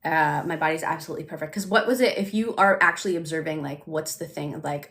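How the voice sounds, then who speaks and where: A woman's voice: low-pitched, fairly even intonation, normal speed, pauses often, fairly bright tone. A woman coaching on manifestation in a casual live stream, chatty and full of "like", acting out quoted self-talk.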